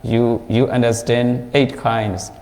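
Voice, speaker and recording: A male Buddhist monk with a Burmese accent, teaching a class and explaining points slowly with a lot of repetition. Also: medium pitch, level tone, gravelly, a little mellow, echoey room, big-room sound. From Myanmar.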